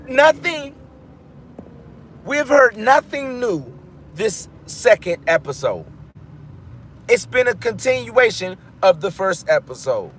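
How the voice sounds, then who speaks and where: A man giving casual commentary to his viewers, rambling and animated, often breaking off mid-thought and restarting. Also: extremely high pitch, a little hiss or hum. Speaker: vlogger.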